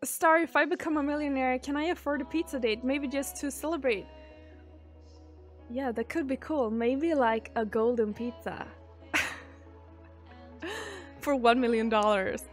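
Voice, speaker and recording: A woman's voice: sits high, fairly even intonation, measured pace, pauses often, soft background music. A woman streamer, casually chatting and reading out viewer messages. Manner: chatty, reads out viewer messages and answers them. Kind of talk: casual live-stream chat.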